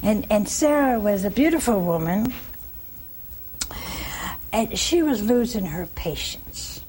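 A woman preacher giving a folksy, animated sermon, throwing rhetorical questions at her listeners. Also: medium pitch, slow, a little hiss or hum.

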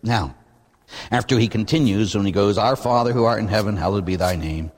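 A man preaching a sermon as a Catholic priest, animated and rising to near-shouting at times. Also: fairly low pitch, a little fast. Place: church. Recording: church reverb.

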